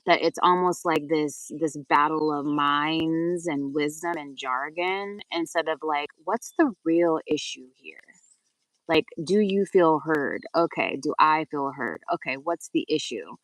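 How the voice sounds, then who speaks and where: Low-voiced woman, chatty, a little off-mic. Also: measured pace, recorded from a distance, poor audio. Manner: chatty, lots of "like", swears for emphasis. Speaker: co-host. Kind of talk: casual spiritual conversation.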